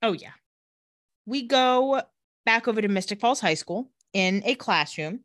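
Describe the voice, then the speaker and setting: A woman co-hosts a podcast in an unhurried, casual way, going through a TV episode and lowering her voice for the characters' lines. Her voice is bright and animated, recorded dry and close with no echo.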